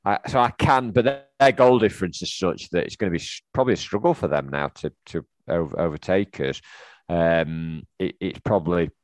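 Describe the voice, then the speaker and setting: A man's voice: low-pitched, brisk, no room sound. A man chatting casually about football as a podcast co-host, laughing often and restarting sentences. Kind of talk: casual chat.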